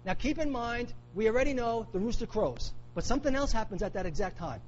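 A man's voice: extremely high pitch, lively intonation, a little fast, darkish tone, highs cut off, a little hiss or hum. A man preaching a sermon, emphatic, repeating key phrases for weight. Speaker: pastor.

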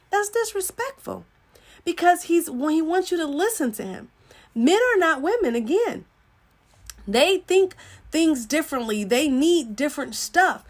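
A woman gives relationship advice in a live talk. Her voice sits high, and she lectures with emphatic, preachy conviction. She often mimics the way other people talk to make her point.

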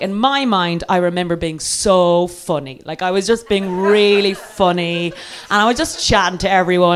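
Lively Irish woman telling a comic story. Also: medium pitch, background noise. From Ireland. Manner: lively and self-mocking, acts out quoted voices.

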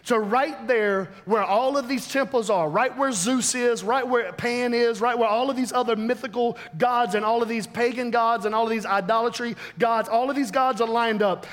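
A man's voice: extremely high pitch, steady tone, normal speed, few pauses, a bit bright. A man pastor delivering a sermon, emphatic and full of repeated phrases. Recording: long reverb of a large hall.

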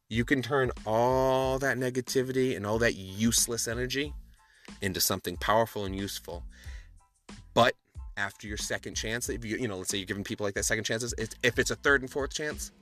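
A man's voice: fairly low pitch, bright, forceful tone. Passionate, emphatic man podcasting solo. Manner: passionate, emphatic, talks fast with many restarts. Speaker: podcast host.

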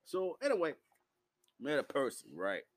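A man's voice: a little high, huge pitch swings, normal speed. A man, rambling profanely through a live-stream monologue while intoxicated. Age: 40s. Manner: profane, rowdy, loose storytelling.

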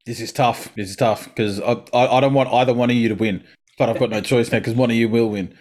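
Young male podcast host, casual, dramatic sighs and exclamations, average pitch. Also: steady tone, fast talker, a little mellow. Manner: exclaims and groans, running the picks. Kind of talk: casual chat, reading out game picks.

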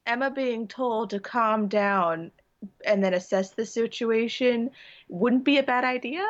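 A woman appearing as a podcast guest, calmly reasoning through points about a TV episode. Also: fairly high pitch, measured pace. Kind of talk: casual chat recapping a TV episode. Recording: dull, muffled mic.

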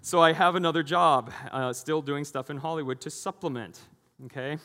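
A man's voice: on the high side, normal speed, a bit bright. A middle-aged man preaching a sermon as pastor, conversational and jokey, acting out the voices he quotes. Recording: long hall reverb.

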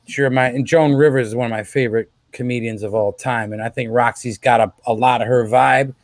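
A man's voice: medium pitch, steady tone, a little fast, no echo. A man co-hosting a late-night podcast in casual, teasing banter, swearing often. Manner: laid-back, teasing, swearing.

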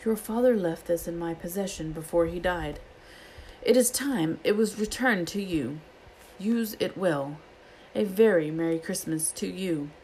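Woman reading aloud, low-voiced. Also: unhurried, slight background noise, low-quality recording. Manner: reads with lively character voices. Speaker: reader.

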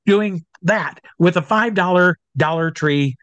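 Animated storytelling man, fairly high voice. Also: a little slow, dry recording. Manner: animated, acts out quotes of others. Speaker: stage hypnotist guest. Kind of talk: storytelling in a conversational interview.

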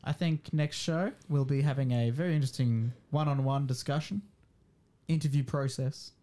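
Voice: mid-range voice, normal speed, dark tone. A podcast co-host in casual chat, chattily going through film news items.

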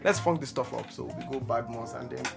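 A man's voice: mid-range voice, brisk, creaky, over music. A man from Nigeria hosting a podcast, joking and swearing freely in casual banter. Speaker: podcast host. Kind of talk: casual chat.

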